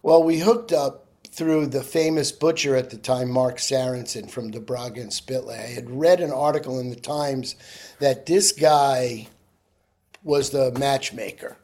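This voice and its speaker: A man's voice: mid-range voice, fairly even intonation, a little slow, darkish tone. A man, a chef telling stories in casual chat, full of "you know". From New York. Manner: rambling storyteller, frequent "you know".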